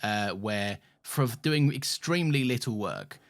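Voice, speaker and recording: A man's voice: fairly low pitch, animated, measured pace. A man co-hosting a podcast in casual, playful chat that rambles. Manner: playful, rambling, laughs often. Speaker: podcast co-host.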